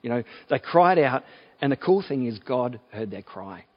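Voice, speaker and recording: A man with an Australian accent preaching a sermon in a relaxed, conversational way, with many fillers and restarts. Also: mid-range voice, moderate pace, slightly rough, dull audio. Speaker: pastor.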